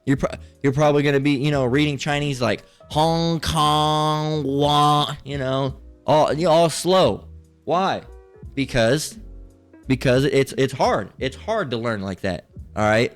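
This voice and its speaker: A man's voice: mid-range voice, expressive, soft background music. A man hosting a religious channel, reading viewer comments aloud and answering them in a profane, mocking, scolding way, stretching words out to preach. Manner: preachy, drawn-out emphasis.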